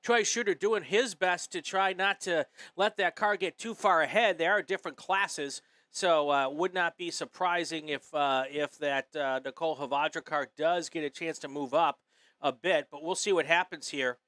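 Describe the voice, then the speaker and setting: A man with a bright, slightly raised voice talks through a race live, easygoing and dotted with fillers. The sound is close and dry. He keeps the play-by-play relaxed. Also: on the high side, moderate pace, no echo. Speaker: race commentator.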